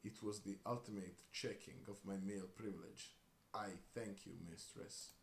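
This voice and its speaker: A man's voice: fairly low pitch, fairly even intonation, normal speed, close to an everyday voice. Man doing a meek groveling servant. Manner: meek, apologetic, subdued. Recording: roomy room with faint hiss.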